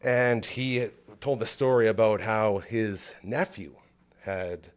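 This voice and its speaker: A man's voice: lowish voice, slow. A man hosting a podcast, telling an emotional story in a rambling, casual way with lots of "like". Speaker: podcast host. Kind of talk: casual chat.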